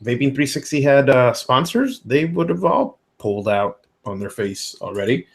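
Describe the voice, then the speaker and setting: A man's voice: mid-range voice, sing-song, normal speed, vocal fry. A man co-hosting a casual live-stream show, joking and cursing with stumbling restarts. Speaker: co-host.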